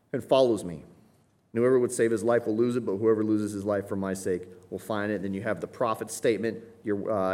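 A man's voice: medium pitch, darkish tone. A man preaching a sermon, explaining scripture in a teaching manner with frequent rhetorical "right?" asides. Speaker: pastor.

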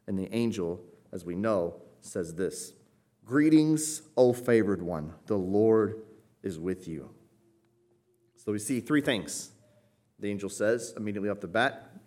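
A man preaching an expository sermon, building to emphatic peaks and then dropping low and quiet. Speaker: pastor.

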